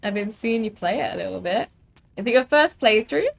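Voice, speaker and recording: A woman's voice: on the high side, animated, a little fast, vocal fry, a little hiss or hum. A young British woman streaming a game, chatting casually and rambling with lots of fillers. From United Kingdom. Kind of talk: casual gaming chat.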